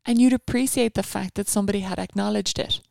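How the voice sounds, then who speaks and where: A woman's voice: medium pitch, steady tone, fast, creaky, darkish tone, no room sound, studio quality. A woman coaching a guided running session, chatty and encouraging, given to rambling asides.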